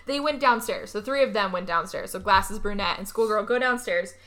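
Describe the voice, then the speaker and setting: A woman's voice: medium pitch, brisk, fairly bright tone. A young woman co-hosting a podcast, rambling through a movie plot with lots of fillers and self-corrections. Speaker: podcast co-host. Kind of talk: casual movie recap chat.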